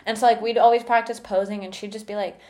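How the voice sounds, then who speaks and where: Bubbly lady host, mid-pitched, laughs a lot, casual swearing, just chatting with friends. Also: fairly even intonation, fast, darkish tone. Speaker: podcast host. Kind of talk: casual chat.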